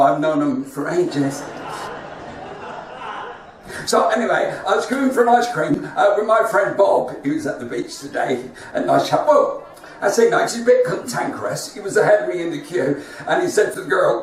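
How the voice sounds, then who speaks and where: A man's voice: fairly high pitch, lively intonation, normal speed. A man hosting a comedy show, telling rambling anecdotal one-liner jokes. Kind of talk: stand-up joke telling. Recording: echoey, distant, faint noise.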